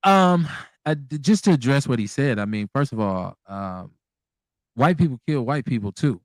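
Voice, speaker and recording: Male call-in radio host, blunt and animated, mid-pitched voice, dry close-mic sound. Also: moderate pace, dry recording. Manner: candid, blunt, animated with profanity. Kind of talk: casual call-in radio talk.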